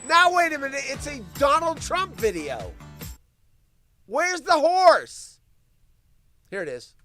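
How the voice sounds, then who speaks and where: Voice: high-pitched, very animated, slow, bright, forceful tone, faint music behind. A live stream host doing solo commentary, ranting with profanity, mocking asides and laughter while reading the news aloud.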